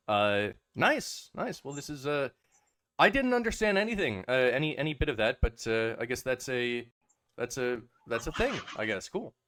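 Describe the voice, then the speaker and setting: A man's voice: mid-range voice, sing-song, normal speed, bright, forceful tone, dry recording. A man co-hosting a casual podcast, rambling with lots of hesitations and restarts. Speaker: podcast co-host. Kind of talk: casual chat.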